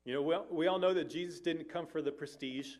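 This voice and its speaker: A man's voice: fairly high pitch, fast talker, darkish tone. A man, a family life minister, preaching an earnest sermon to a church, with conversational asides and occasional self-corrections.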